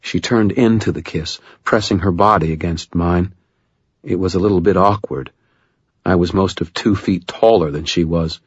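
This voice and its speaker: Deep husky male audiobook narrator. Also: moderate pace, no echo, lo-fi sound. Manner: dry, wry storytelling. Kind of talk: first-person scripted narration.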